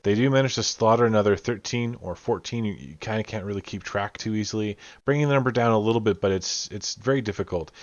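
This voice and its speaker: A man with a fairly low voice runs a tabletop game as game master. He talks through each scene at length, with plenty of fillers. The sound is dull and lo-fi, and very dry. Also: fast talker, few pauses, no room sound. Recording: dull lo-fi audio.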